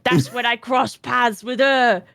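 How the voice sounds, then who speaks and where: A woman's voice: a little high, unhurried, creaky, fairly bright tone, dry recording. A woman voicing an ancient, forgetful female gnome who was once a pirate, rambling in a mock-pirate way. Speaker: player.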